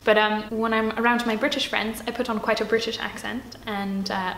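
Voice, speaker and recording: A woman's voice: mid-range voice, little pitch movement, a little fast, hardly any pauses, a bit bright, reverberant, slight background noise, low-quality recording. A young adult woman from Switzerland chatting playfully through a Q&A tag video, with lots of "like" and filler words. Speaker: vlogger.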